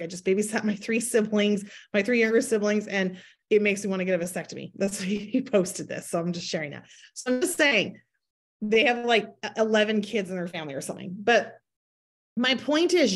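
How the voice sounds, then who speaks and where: A woman in her thirties giving a motivational talk to her sales team, acting out inner voices in quoted asides. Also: medium pitch. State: pregnant, near her due date. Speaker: network marketing team leader.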